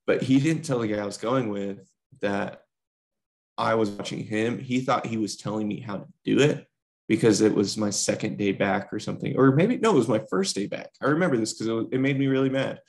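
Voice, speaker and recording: A young man co-hosts a podcast, casually telling a rambling story about work with plenty of fillers. His voice is fairly low, brisk, and creaky.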